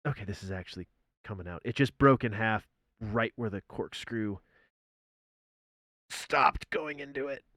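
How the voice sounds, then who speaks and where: A man streaming live, chatting casually in an animated way, swearing freely and exclaiming loudly. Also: on the low side, a little slow, long pauses, dry recording.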